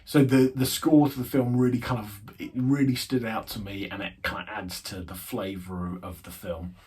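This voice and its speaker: A man's voice: on the low side, steady tone, normal speed, darkish tone, breathy edge. A man giving an unscripted film review, rambling with many fillers and hedges.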